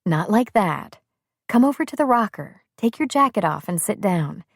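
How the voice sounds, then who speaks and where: A woman voicing a kind young mother who speaks gently and patiently. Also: mid-range voice, big pitch swings, moderate pace, no room sound, clean studio sound, pitched above the performer's own voice. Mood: gentle.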